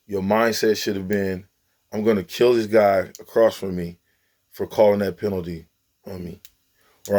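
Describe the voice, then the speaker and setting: Male football commentator, low and gravelly, exasperated and emphatic, lecturing the players. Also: a little mellow. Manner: preachy, emphatic, exasperated, talks to players directly. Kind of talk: animated sports commentary vlog.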